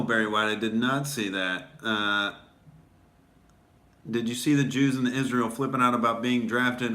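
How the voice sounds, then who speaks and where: A man's voice: on the low side, sharp tone, echoey room. A male comedian hosting a sarcastic comedy rant, mocking and swearing freely. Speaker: comedian host.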